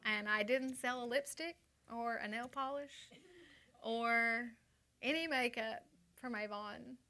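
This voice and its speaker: A woman's voice: on the high side, fairly even intonation, takes it slowly, bright, forceful tone. A woman telling her personal testimony to a live audience indoors, chatty and full of fillers, acting out the voices of the people in her story. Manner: chatty, acts out quoted voices, frequent fillers. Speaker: speaker giving her testimony.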